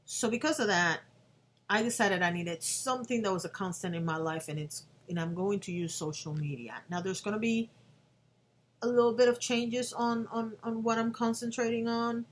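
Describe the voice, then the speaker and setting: A woman's voice: a little high, moderate pace, a little hiss or hum. A woman in her fifties talking earnestly to the camera in a personal vlog, with frequent restarts and emotional moments. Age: 50s. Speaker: vlogger.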